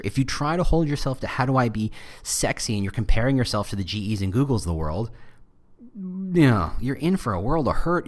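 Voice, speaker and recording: A man's voice: medium pitch, a little mellow. A man hosting a podcast, talking alone in a loose, joking, conversational way. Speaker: podcast host. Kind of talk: solo podcast monologue.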